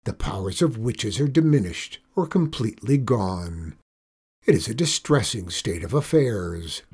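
A man reading a storybook and voicing a stern, snappish old female witch in a lowered, firm voice. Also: expressive, a little slow, a little mellow, slightly rough. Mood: grave.

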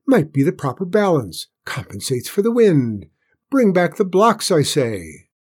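Man playing an excitable absent-minded king. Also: mid-range voice, a little slow, slightly rough. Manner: distracted, abrupt, excitable.

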